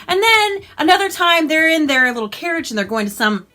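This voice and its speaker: A woman's voice: high-pitched, a little fast, over music. A woman vlogging a casual, exasperated and sarcastic book review from home. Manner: exasperated, sarcastic, animated retelling.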